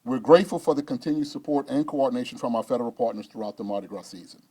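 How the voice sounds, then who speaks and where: A man speaking as mayor at a press conference, reading a measured, formal safety briefing. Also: medium pitch, steady tone, dark tone, slightly rough. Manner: measured, formal, reads lists of rules.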